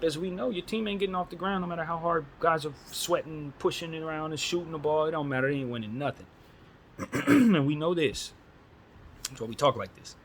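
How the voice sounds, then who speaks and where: A man's voice: medium pitch, fairly bright tone, a little hiss or hum. A man hosting a casual solo basketball chat, talking bluntly and with strong opinions, using casual slang. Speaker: basketball commentary host.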